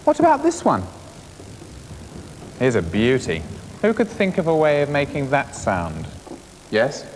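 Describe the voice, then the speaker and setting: A man presenting a classroom music lesson to primary school children, asking brisk, encouraging questions. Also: medium pitch, wildly swooping pitch. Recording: 1980s schools TV, reverberant school hall, faint hiss.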